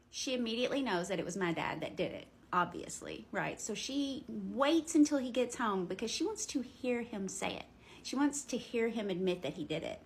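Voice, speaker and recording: Casting: young woman, lively and blunt, swears freely, casual ghost storyteller. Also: fairly high pitch, a little fast, husky. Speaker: paranormal storyteller.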